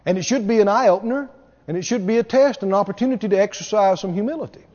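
Pressing his points through repeated key words and rhetorical questions, a man preaches emphatically to his congregation. He speaks fast in a high, slightly mellow voice, captured in a dull recording with a long hall reverb.

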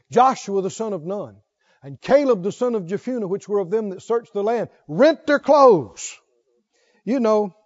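A man with a high, darkish voice reads scripture to his congregation with rising fervor, calling questions out to them during his sermon. Highs are missing from the audio.

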